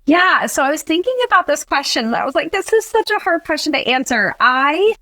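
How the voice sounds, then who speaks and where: A woman's voice: high-pitched, lively intonation, fairly quick, pushed and bright, dry recording. A young woman from Pittsburgh, a beauty school admissions director, chatting as a guest on a casual podcast interview in a bubbly, gushing way with lots of fillers. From Pittsburgh, Western Pennsylvania.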